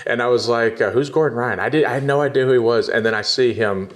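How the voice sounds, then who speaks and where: A man's voice: mid-range voice, quick pace. A man with a Texan country accent, a podcast guest talking trash in casual chat and laughing often. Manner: brash trash-talking, laughs often, polite "yes, sir".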